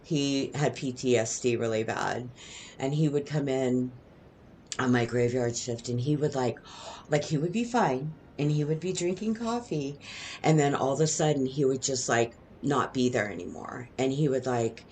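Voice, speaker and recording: A middle-aged woman vlogger tells stories from her past in a loose, rambling monologue, wandering off on tangents and ending lots of lines with "right?". Her bass voice has a darkish tone and a moderate pace, with slight background noise behind it.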